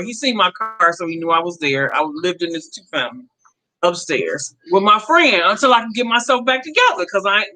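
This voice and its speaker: A woman in her fifties telling a personal story to her viewers in a casual, animated way, laughing often. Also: medium pitch, low-quality recording. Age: 50s. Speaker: vlogger.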